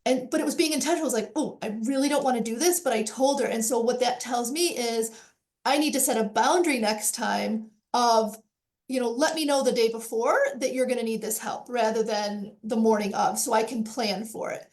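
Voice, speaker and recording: A woman's voice: a little high, fairly quick, darkish tone. A woman speaking as a panel guest, earnest and reflective, repeating phrases for emphasis.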